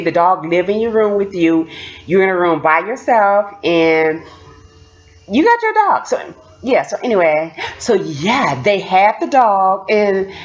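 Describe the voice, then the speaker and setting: A woman vlogger telling stories in a casual, animated way, laughing often and acting out what people said. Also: mid-range voice, lo-fi sound. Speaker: vlogger recounting prison experience. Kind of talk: casual storytelling.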